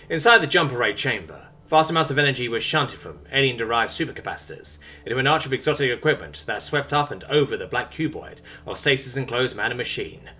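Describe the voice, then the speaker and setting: Male sci-fi audiobook narrator, bright, wryly expressive. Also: mid-range voice. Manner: expressive, wry storytelling.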